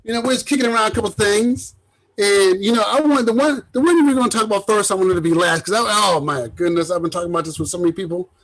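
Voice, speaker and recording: A man's voice: sits high, fast, a bit bright, low-quality recording. A man hosting a casual podcast with his cousins, talking in a loose, rambling way full of fillers. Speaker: podcast host. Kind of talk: casual chat.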